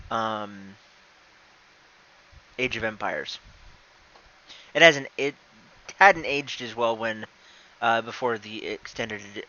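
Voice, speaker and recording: A man chatting casually on a gaming live stream, excitable and prone to loud exclamations. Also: medium pitch, dull audio.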